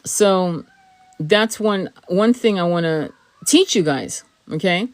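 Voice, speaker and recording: A woman's voice: on the low side, slow pace. Blunt, profane woman tarot reader. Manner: blunt and profane, emphatic, laughs often. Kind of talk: casual spoken reading to camera.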